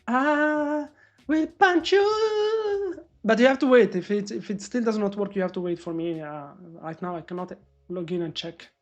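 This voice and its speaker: A woman day trader live-streaming her trades, talking excitably to viewers and swearing freely. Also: lowish voice, a little fast, muffled recording. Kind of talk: live-stream trading commentary.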